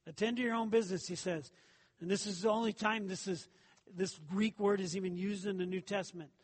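A man's voice: high-pitched, fairly even intonation, moderate pace, breathy edge, long reverb tail. A man preaching a sermon as pastor, talking it through with the congregation and asking rhetorical questions.

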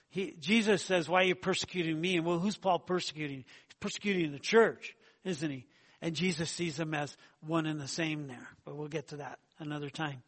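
A man's voice: on the high side, a bit bright, husky. A middle-aged man giving a sermon, talking conversationally with fillers, repeated words and surges of emphasis. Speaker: preacher.

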